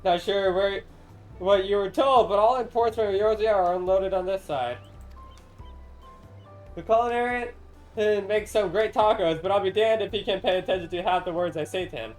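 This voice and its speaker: Woman doing a gruff, swearing dockhand. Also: mid-range voice, normal speed, darkish tone, faint music behind, close to an everyday voice. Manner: rough, blunt talk with mild oaths.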